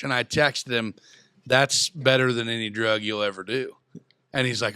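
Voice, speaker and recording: A man's voice: medium pitch, moderate pace, pushed and bright, smooth, dry recording. A man co-hosting a casual podcast, teasing the others and telling his own stories. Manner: teasing, chimes in with jokes. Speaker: podcast co-host. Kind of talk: casual banter.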